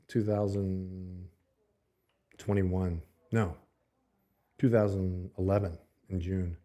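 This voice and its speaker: A man's voice: low-pitched, little pitch movement, slow pace, long pauses, mellow. Rambling man chatting to his stream. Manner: rambling, chatty, reads viewer comments aloud. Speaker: livestream host. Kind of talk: casual livestream chat with viewers. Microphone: desk mic held close to the mouth.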